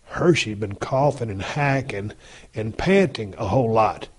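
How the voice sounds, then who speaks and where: Blunt, profane, husky-voiced man host. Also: on the low side, lively intonation, measured pace. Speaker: podcast host. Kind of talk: casual solo monologue.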